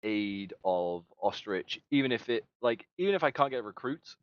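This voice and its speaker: A man's voice: on the low side, expressive, moderate pace, smooth, no room sound. A man playing a tabletop game, speaking bluntly and swearing casually. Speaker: player. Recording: dull lo-fi mic.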